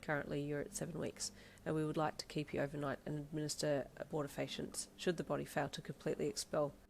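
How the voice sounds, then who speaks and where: A woman's voice: deep voice, flat delivery, quick pace, gravelly, a little hiss or hum. A woman voicing a blunt, stern male doctor who talks in a clinical, authoritative way.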